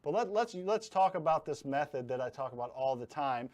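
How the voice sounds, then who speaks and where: A man's voice: fairly high pitch, animated, a little fast, a little mellow. A man hosting a live online investing class, talking bluntly and jokingly and leaning hard on his key words. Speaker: host teaching real estate investing. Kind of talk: live online training talk.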